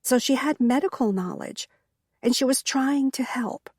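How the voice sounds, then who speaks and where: A woman's voice: high voice, normal speed, breathy edge, no echo, studio quality, pitched above the performer's own voice. A woman voicing a sad, guarded young maid. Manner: soft, sorrowful and guarded.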